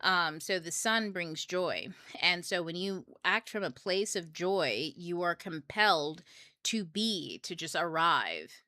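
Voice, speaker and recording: A woman's voice: on the low side, animated, slow pace, bright, forceful tone, dry recording. A young adult woman hosting a book club, talking casually about astrology in a rambling, candid way, swearing freely. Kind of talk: casual livestream talk on astrology.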